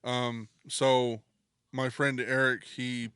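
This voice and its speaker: A man's voice: mid-range voice, level tone, slow pace, a bit bright, clean tone, no echo, studio quality. Laid-back swearing podcast co-host man. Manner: laid-back, swears freely, many fillers. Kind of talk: casual chat.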